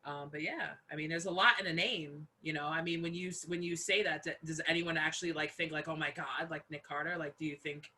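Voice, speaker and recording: A young woman hosts a casual comedy chat, her voice bright and forward. She tells stories in an animated, giggly way and often breaks into big laughs. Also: low-pitched, a little fast, few pauses, a little hiss or hum. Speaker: host.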